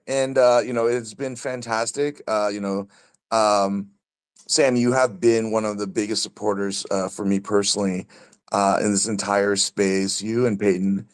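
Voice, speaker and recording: A man's voice: fairly low pitch, steady tone, measured pace. A man chatting on a podcast as a regular, brash and profane, telling a rambling story. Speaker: podcast co-host. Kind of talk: casual chat.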